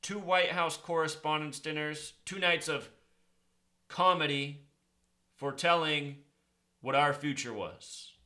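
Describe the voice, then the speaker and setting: A man's voice: fairly high pitch, fairly even intonation, unhurried, pauses often, pushed and bright. A man hosting his own video, delivering an indignant, insistent conspiracy commentary monologue. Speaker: online video host.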